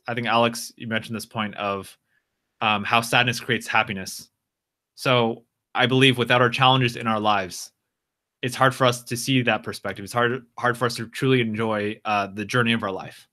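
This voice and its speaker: A man casually improvising a story on a live stream, halting and repeating words with frequent fillers. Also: mid-range voice, bright, forceful tone.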